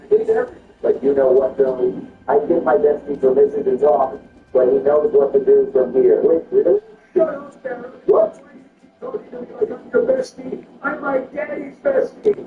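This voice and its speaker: A man performing a comedic skit over gameplay, switching between a deep bossy voice and high whiny ones. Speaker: gaming video creator. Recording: roomy, distant, dull sound with faint music.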